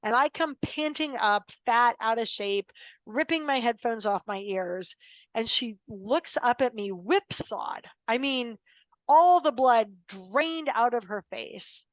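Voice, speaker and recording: A woman's voice: on the high side, slow, dry recording, rough recording. An American woman in her fifties, a guest telling personal stories in an interview, emphatic and dramatic, acting out the quotes. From United States. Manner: emphatic, dramatic storyteller who acts out quotes. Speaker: podcast guest, lawyer.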